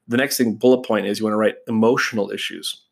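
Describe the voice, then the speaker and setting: A man gives a relaxed, conversational lesson to fellow practitioners. His voice sits a little low and has a gravelly, fry-laden texture. He talks straight to his listeners and often acts out exchanges with clients. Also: fast. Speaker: practitioner teaching other practitioners. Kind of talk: casual instructional talk.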